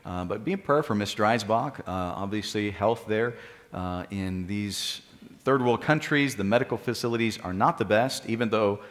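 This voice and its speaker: A man leading church announcements as pastor, encouraging and halting, with frequent filler sounds. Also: fairly low pitch, fairly bright tone. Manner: encouraging, praising children after they recite. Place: church sanctuary. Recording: live-streamed church service with long hall reverb.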